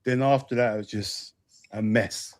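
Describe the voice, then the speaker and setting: A man's voice: mid-range voice, steady tone, normal speed. Exasperated man ranting. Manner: emphatic, exasperated, repeats himself. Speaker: co-host on a fan show. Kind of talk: casual banter.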